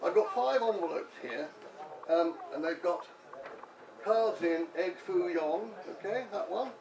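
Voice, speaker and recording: A man's voice: high-pitched, measured pace. An older man performing magic tricks for a live audience, talking through each step in jokey patter and often chuckling at his own gags. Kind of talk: comic magic-show patter. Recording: echoey room, distant mic, background noise.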